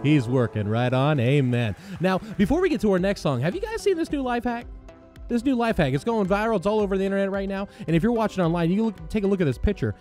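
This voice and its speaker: A man's voice: high-pitched, very animated, fast, darkish tone, faint music behind. A young man doing comedic radio DJ patter, upbeat and corny, chuckling at his own puns. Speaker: Christian radio DJ parody.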